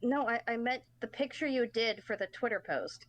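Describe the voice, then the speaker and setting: A woman's voice: a little high, moderate pace, no echo. A woman co-hosting a live stream, making offhand, dry asides in casual chat.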